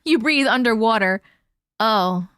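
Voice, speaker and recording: A woman's voice: fairly high pitch, animated, a little slow, a bit bright, clear, resonant tone, no room sound. A young woman from the United States hosting a live stream, chatting casually, swearing freely, laughing often and filling her talk with "like.". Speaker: livestream host. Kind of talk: casual live chat reading viewer comments.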